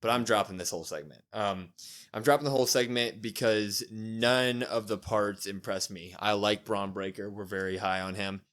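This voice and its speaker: A man with a fairly low voice speaks at a moderate clip. Co-hosting an easygoing wrestling review podcast, he recaps the episode with animation and plays out the wrestlers' lines.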